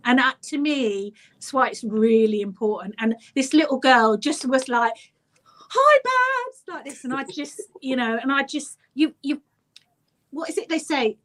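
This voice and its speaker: A woman with an Estuary English accent, a radio presenter chatting as a guest and telling animated stories with acted-out voices. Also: high-pitched, normal speed. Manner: animated storyteller, acts out voices. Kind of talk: casual chat.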